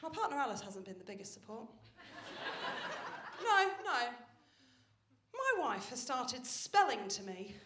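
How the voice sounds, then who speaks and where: A woman performing a stand-up comedy set on stage, telling stories in a brash, animated way with plenty of swearing. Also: on the high side, measured pace, pauses often. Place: stage of a live comedy venue. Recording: roomy live venue with faint noise. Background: audience laughter.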